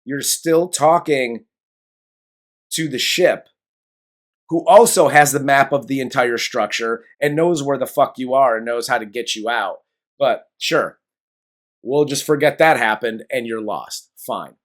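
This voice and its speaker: A man in casual podcast chat, picking apart a film with sarcasm and swearing. He talks at an ordinary pitch and jumps into silly voices to mock the characters. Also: a little slow. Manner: profane, sarcastic, acts out scenes in silly voices. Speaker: podcast co-host. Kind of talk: casual movie review chat.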